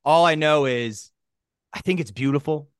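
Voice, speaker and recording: A man's voice: fairly high pitch, moderate pace, clean tone, dry recording, clean studio sound. A man co-hosting a podcast, casual comedic banter in a loose, profane, jokey way. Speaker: podcast co-host.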